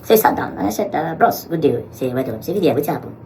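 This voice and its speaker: Nigerian male vlogger, quick and lively storyteller who acts out every quote. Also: fairly high pitch, vocal fry, a little hiss or hum, poor audio. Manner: animated, acts out quoted dialogue, mixes Pidgin. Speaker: social media commentator. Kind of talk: storytelling vlog.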